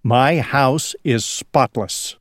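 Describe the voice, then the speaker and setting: A man voicing a tidy, brisk middle-aged farmer's wife in a fussy, raised voice. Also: medium pitch, no room sound, studio quality. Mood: proud.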